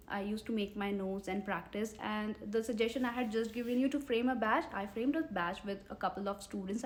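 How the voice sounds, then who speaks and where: A woman in her thirties with an Indian English accent, coaching English learners on a live stream, coaxing viewers and reading their comments aloud. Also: mid-range voice. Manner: earnest, coaxing, repeats questions to viewers; pauses to read and answer viewer comments. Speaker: English teacher.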